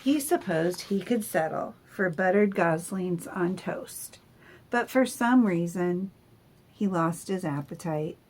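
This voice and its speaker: Teacher lady reading a storybook to kids, asks them questions, takes it slow. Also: fairly low pitch, lively intonation. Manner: gentle, asks the children questions. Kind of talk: picture book read-aloud.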